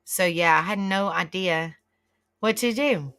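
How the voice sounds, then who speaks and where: Bright chatty woman streamer. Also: fairly low pitch, unhurried, clean tone. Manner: chatty and rambling, reacts aloud while reading chat. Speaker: livestream host. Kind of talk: casual chat to live viewers.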